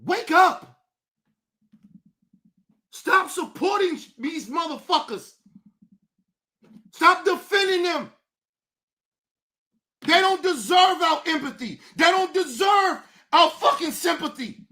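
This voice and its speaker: Loud, angry, high-voiced woman. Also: expressive, takes it slowly, pauses often. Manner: angry, profane, often shouting. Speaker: streamer, show host. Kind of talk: livestream rant.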